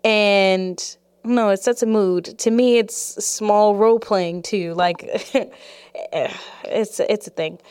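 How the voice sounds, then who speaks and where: A woman's voice: medium pitch, fairly even intonation, takes it slowly, a little mellow, smooth. A woman hosting a podcast, telling a personal story in a frank, chatty way with lots of "like" and "you know". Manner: laughs often while telling the story. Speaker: podcast host.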